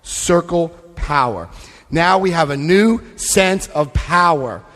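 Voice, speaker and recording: A man's voice: a little high, animated, takes it slowly, a bit bright, soft background music. A man speaking at a recovery convention, emphatic and direct, guiding the audience through book pages and checking in with them. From Florida, US. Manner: emphatic, often checks in with "Okay?". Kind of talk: live talk to a convention audience. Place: large convention hall with an audience. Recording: long hall reverb from a live talk.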